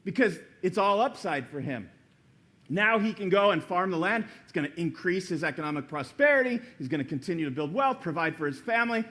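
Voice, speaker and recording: Animated high-voiced preacher in church. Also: male voice, a little fast. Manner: animated storytelling, acting out quoted voices. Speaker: pastor. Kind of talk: sermon.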